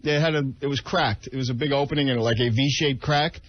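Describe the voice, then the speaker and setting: A man's voice: medium pitch, fairly even intonation, fast talker. A man, a radio show producer, explaining himself sheepishly and at length in casual on-air banter. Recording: lo-fi radio broadcast.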